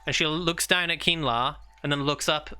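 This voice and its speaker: A man's voice: fairly high pitch, moderate pace, sharp tone, smooth. A man narrating a tabletop game as game master in a rambling, casual way, full of "like" and "uh". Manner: rambling, with many "like"s and "uh"s. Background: fantasy ambience music.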